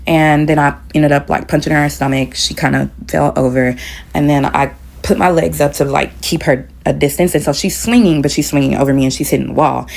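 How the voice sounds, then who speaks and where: Low, gravelly-voiced woman telling a story. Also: fairly quick. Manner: animated retelling that acts out quoted dialogue. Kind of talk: casual storytime.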